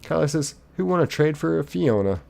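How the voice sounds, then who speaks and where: A man's voice: a little high, animated, fairly quick, creaky, a little mellow, faint music behind. A man streaming live, casually reading viewers' chat messages aloud in a chipper lilt and chatting back.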